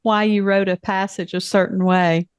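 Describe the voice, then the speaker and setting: A woman's voice: mid-range voice, flat delivery, normal speed, clean tone, no echo, studio quality. A woman in her fifties hosting an author interview in friendly conversation. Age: 50s. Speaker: podcast host. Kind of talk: casual interview chat.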